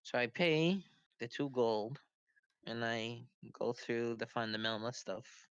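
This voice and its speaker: A man's voice: mid-range voice, fairly even intonation, takes it slowly, clear, resonant tone, dry recording, highs cut off. A man playing in a tabletop game, talking in an offhand, casual way. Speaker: player.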